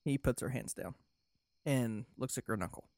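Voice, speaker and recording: A man's voice: mid-range voice, moderate pace, gravelly, darkish tone, no echo, clean studio sound. A man playing a tabletop game who describes his character's actions in a plain, matter-of-fact way. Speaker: player.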